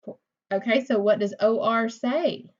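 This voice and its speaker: A woman teacher leading a phonics lesson for young children. She talks slowly and patiently, sounding out words and praising each answer. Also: on the high side. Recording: dull lo-fi recording.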